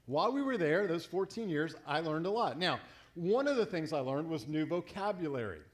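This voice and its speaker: Pastor guy preaching, folksy joking stories, voice a bit on the high side. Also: very animated, normal speed. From South Florida. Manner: folksy storytelling with humor and playful voice inflections. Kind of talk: sermon. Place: church sanctuary.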